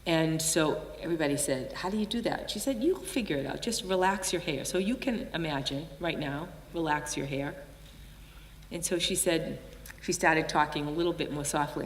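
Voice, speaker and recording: A woman's voice: sits low, fairly quick, slight background noise. Older woman telling a story in a big echoing hall. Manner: animated storyteller acting out quoted voices. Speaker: conference keynote speaker. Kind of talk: storytelling keynote talk. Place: large conference hall. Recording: distant mic in a reverberant hall.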